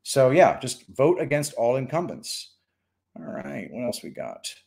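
A man's voice: medium pitch, sing-song, measured pace, gravelly, a little mellow. A man hosting a casual live stream, reading chat and giving rambling, opinionated takes with frequent restarts.

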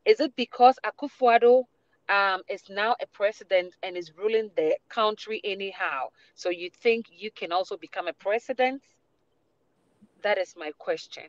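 A man's voice: sits high, moderate pace, muffled recording. A Ghanaian man on a talk show, mixing Twi and English as he playfully puts pointed questions to a guest. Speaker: panelist asking questions.

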